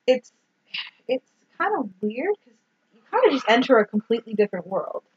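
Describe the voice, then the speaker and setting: Over a dull, lo-fi recording, a podcast co-host runs through a movie plot in casual talk. Her voice is a little high, sing-song, brisk and slightly rough, and she cusses freely while performing quotes from the scenes.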